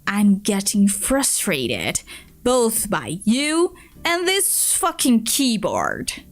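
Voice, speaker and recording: A woman's voice: mid-range voice, wildly swooping pitch, extremely slow, exaggerated voice. A woman voicing a rude, arrogant, foul-mouthed alien boy while reading a web comic aloud, with faint music behind. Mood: demanding.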